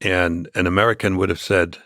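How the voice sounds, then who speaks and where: An older man, a podcast guest, telling a long story in a halting way with many restarts. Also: low voice, fairly even intonation, sharp tone, no room sound, clean studio sound. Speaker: interview guest.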